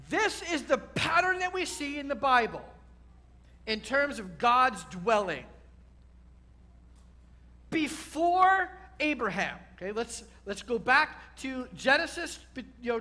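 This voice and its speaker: Emphatic high-voiced male preacher. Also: very animated, slow. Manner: emphatic, repeats key words, builds to loud peaks. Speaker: rabbi. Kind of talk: sermon.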